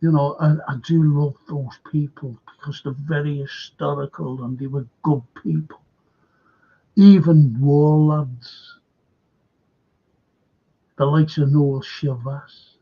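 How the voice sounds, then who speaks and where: Scouse man, livestream host, blunt rambling talk, slightly high voice, husky. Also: steady tone, takes it slowly, pauses often, dull audio. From Liverpool, England. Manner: blunt, swearing, stumbling restarts. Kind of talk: casual rambling monologue.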